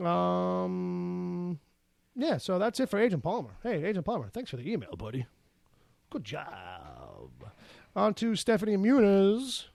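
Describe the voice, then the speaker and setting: A man's voice: high-pitched, expressive, moderate pace, vocal fry, a little mellow, no room sound. A man hosting a podcast in casual chat, rambling and profane, leaning on "like" as a filler. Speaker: podcast host.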